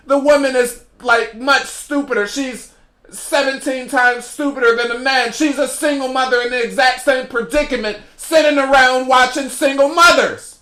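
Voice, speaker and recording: A man's voice: extremely high pitch, moderate pace, bright, forceful tone. A man hosting a solo podcast, ranting sarcastically and mocking what he criticizes, recorded in an echoey room. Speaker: podcast host.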